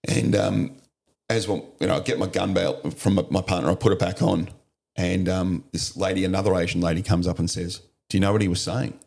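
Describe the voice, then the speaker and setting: Blunt middle-aged Australian man, low gravelly voice, vivid storyteller. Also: fairly even intonation, fairly quick, darkish tone. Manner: blunt, vivid retelling with swearing. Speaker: podcast guest, former police officer. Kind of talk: storytelling in an interview.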